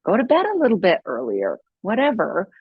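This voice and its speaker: A woman's voice: medium pitch, wildly swooping pitch, a little fast, breathy edge, no echo. A middle-aged woman hosting a podcast, giving casual parenting advice in a chatty way, laughing often and acting out little scenes. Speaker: podcast host. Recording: dry, dull lo-fi sound.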